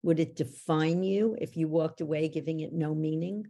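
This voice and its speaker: A woman coach, husky dark voice, steady direct questions as she guides someone through an exercise. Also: sits low, moderate pace. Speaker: belief-change coach, guest. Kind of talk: guiding a belief exercise in a podcast interview.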